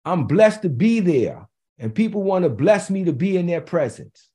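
A man's voice: high-pitched, big pitch swings, moderate pace, mellow. A man preaching a sermon in a conversational way, repeating key phrases for emphasis and slipping in joking asides.

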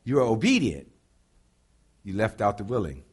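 A male pastor preaching a sermon, animated and confiding, talking straight to the congregation. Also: lowish voice, normal speed, breathy edge.

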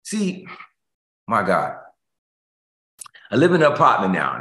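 Lively, emphatic preaching man. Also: medium pitch, moderate pace, long pauses, reverberant. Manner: emphatic preaching with repeated phrases, swinging between loud and hushed. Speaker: pastor. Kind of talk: sermon.

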